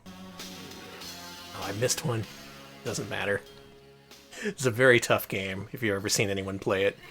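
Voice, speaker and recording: A man's voice: fairly low pitch, fairly even intonation, moderate pace, vocal fry, a bit bright, faint music behind. A man co-hosting a retro game stream, making dry, joking asides. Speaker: stream co-host. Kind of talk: casual let's-play commentary.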